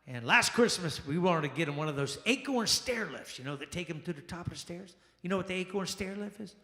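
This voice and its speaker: Bright, forceful male stand-up comic, exclamatory, recorded in a roomy lounge. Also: high-pitched, a little fast. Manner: animated, exclamatory, acts out quoted people. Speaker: stand-up comedian. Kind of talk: stand-up comedy set. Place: jazz lounge stage. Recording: echoey lounge with long reverb.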